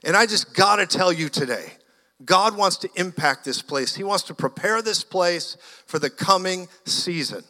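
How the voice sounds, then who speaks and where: A man delivers an animated sermon, swinging from hushed storytelling to loud declarations. His voice is bright and forceful, sitting a bit high for a man. It rings out with the long reverb of a church hall. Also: normal speed. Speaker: guest preacher. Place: church sanctuary.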